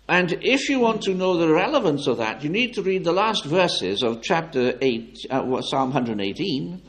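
A man preaching a sermon with fervent, declamatory delivery, swinging from loud emphatic peaks to low, quiet appeals. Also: lively intonation, normal speed, hardly any pauses.

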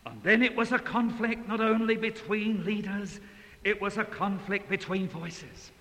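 A male preacher delivers a sermon at an unhurried pace, his voice sitting somewhat high. He is dramatic, climbing to loud passages and sinking back to near hushed ones. The recording carries a long hall reverb and a faint hiss underneath. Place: large hall.

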